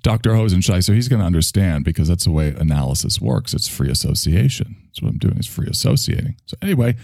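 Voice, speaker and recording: A man's voice: sits low, expressive, quick pace, vocal fry, a little mellow, no room sound, clean studio sound. A man, a spiritual teacher, telling a rambling, digressive story in a casual monologue, swearing now and then.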